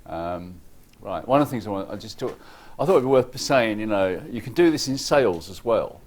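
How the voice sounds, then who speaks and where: A man giving a lively, irreverent conference talk, joking with the audience and acting out what clients say. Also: on the low side, a little fast. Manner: acts out clients' lines in quoted voices. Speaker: conference speaker. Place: conference hall.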